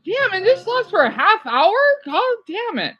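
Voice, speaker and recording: A woman's voice: very high voice, big pitch swings, measured pace, lo-fi sound, faint music behind. Gushing, exclamatory woman streamer. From United States. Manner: gushing, exclamatory, easily distracted; swears casually, then apologizes. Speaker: streamer reacting to a parade. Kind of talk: casual live-stream reaction.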